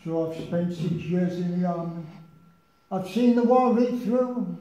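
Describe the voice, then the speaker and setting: An elderly man plays a wry young Geordie soldier in a comic poem. The dialect is broad and lilting, the delivery unhurried. The recording is echoey and a little dull, from a village hall. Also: high voice, mellow. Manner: broad dialect delivery, raised and sing-song.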